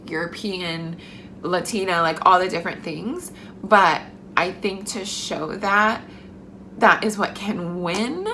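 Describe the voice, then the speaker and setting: A woman's voice: fairly low pitch, bright, forceful tone, a little hiss or hum. A young woman vlogging to camera in a chatty, effusive way, full of fillers. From Mexican heritage. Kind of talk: casual chat to camera.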